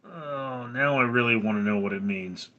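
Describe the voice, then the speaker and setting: A man's voice: medium pitch, moderate pace, highs cut off. A man hosting a live stream, who reads viewer names from chat and teases them. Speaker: livestream host. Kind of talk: casual live chat reading.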